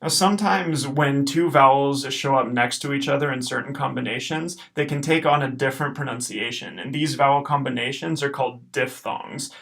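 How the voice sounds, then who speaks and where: A man teaching Latin pronunciation in a recorded lesson, patiently saying each word slowly and then repeating it. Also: medium pitch, gravelly, fairly bright tone.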